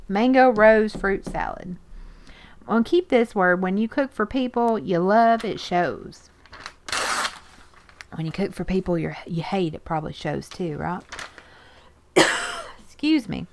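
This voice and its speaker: The host of an art journaling video, a woman with a medium-pitched, lively voice, speaks slowly with long pauses while sorting magazines. She chats casually, exclaiming at images and reading passages aloud, over slight background noise.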